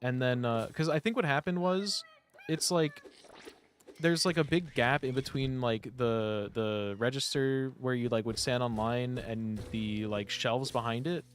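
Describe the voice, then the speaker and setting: While playing a game on stream, a young man spins casual stories full of rambling, swearing and constant "like"s. He speaks at a measured pace in a mid-range voice, with slight background noise.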